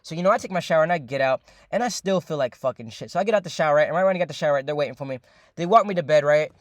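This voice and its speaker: A young man telling a long, rambling story in a casual, profane way, full of fillers and repeats, often addressing his listeners as ladies and gentlemen. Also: a little high, animated, very fast, dry recording, clean studio sound.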